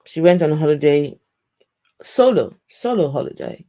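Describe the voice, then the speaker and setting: A commentary host speaking to viewers in a measured, reflective way. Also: mid-range voice, big pitch swings, mellow. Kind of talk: casual commentary.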